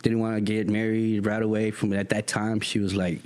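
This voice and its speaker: A man being interviewed, telling a story in a casual, animated way, with street slang and acted-out voices. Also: fairly low pitch, brisk, no echo. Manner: animated, acts out voices in his stories. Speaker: guest.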